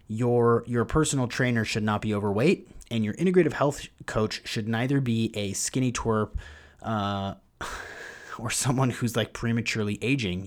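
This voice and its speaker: A man hosting a podcast, introducing the episode and reading a sponsor message with eager, rambling enthusiasm. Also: lowish voice. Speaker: podcast host.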